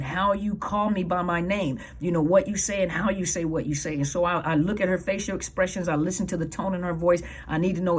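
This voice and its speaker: A woman's voice: fairly low pitch, a little mellow, husky. A woman counselor giving earnest advice to viewers, emphatic and repeating her key points. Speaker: counselor and coach.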